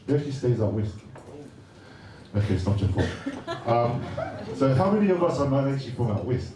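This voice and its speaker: Crowd noise surrounds a middle-aged man from Samoa as he jokes through a casual birthday speech, hesitating and leaning on fillers. His mid-range voice swings widely in pitch and moves fairly quickly. He uses a handheld mic in a large party hall, recorded far away amid echo and noise.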